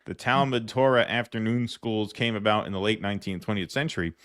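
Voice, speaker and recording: A man's voice: fairly low pitch, fairly even intonation, brisk, fairly bright tone, no echo. A man co-hosting a casual livestream, reading viewer comments aloud in a dry, sardonic way.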